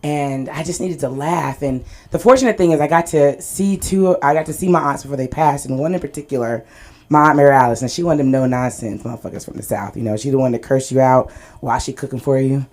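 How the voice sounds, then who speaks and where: A woman's voice: a bass voice, fast talker, a little mellow. A woman doing a stand-up set at an open mic, telling stories and laughing at her own jokes, on a small club stage. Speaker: stand-up comedian.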